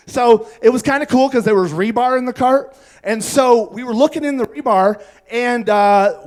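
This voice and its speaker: A man doing stand-up comedy, telling a rambling story on a club stage and laughing at his own lines. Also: sits high.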